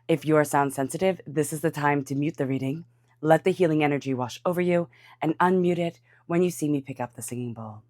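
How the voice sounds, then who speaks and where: A woman with a congested, stuffy voice, giving a calm tarot reading. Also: low voice, a little fast, dry recording, clean studio sound. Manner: calm, soothing guidance. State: congested from a cold. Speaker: tarot reader.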